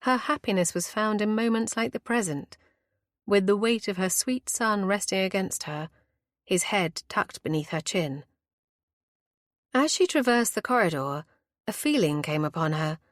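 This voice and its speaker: A woman narrating a historical romance audiobook in a measured, dramatic way. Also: medium pitch, expressive, no echo, studio quality.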